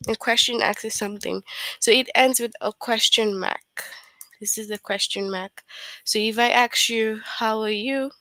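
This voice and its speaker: A woman's voice: a little high, steady tone, measured pace, pushed and bright, no echo, poor audio. A woman teaching an online grammar lesson to young children, patient and repetitive, often checking in with questions.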